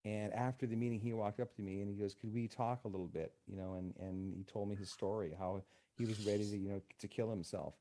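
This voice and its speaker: A counselor appears as a guest in a casual podcast conversation, spinning stories like relaxed radio talk and performing the dialogue he quotes. The man's voice is lowish and mellow, fast, with a steady tone.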